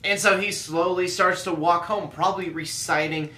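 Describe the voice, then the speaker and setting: A man's voice: sits high, steady tone, moderate pace, few pauses, bright, forceful tone. Young man, show host, casual Bible storytelling, chatty with fillers, echoey room. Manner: chatty, lots of "like" fillers, acts out characters' lines. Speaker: host of a faith video show.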